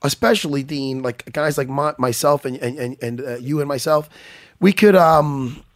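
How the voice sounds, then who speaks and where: A man hosting a podcast as a former fighter, in casual chat that is loud, profane and teasing. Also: a little high, normal speed, dry recording.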